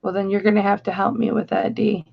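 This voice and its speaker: A woman's voice: mid-range voice, level tone, quick pace, gravelly, husky, muffled recording. A woman hosting a casual live stream, chatty and affectionate as she reads out viewer comments. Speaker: live-stream host and reseller.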